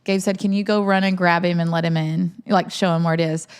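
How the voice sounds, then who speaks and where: A woman in her thirties, co-hosting a casual podcast chat, talking fast and laughing often. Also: on the low side, fairly even intonation, clear, resonant tone. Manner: chatty, laughs often, says y'all. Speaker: podcast co-host.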